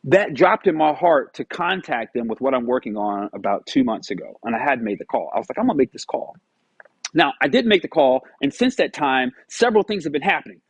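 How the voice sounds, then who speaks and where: A man giving a casual motivational monologue, animated and storytelling, acting out his own past dialogue. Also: medium pitch, a little fast, breathy edge, no room sound, poor audio. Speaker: motivational vlogger.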